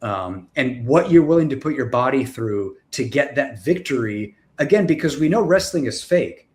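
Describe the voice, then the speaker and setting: A man's voice: mid-range voice, animated, normal speed, darkish tone. A man co-hosting a podcast, talking in a rambling, filler-heavy way during a casual chat. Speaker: podcast co-host.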